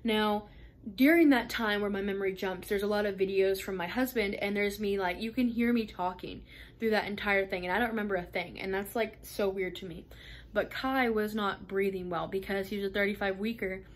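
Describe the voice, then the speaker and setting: A woman's voice: medium pitch, steady tone, brisk. A woman in her twenties telling a personal story in a casual vlog, chatty with many fillers and laughing asides. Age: 20s. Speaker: vlogger.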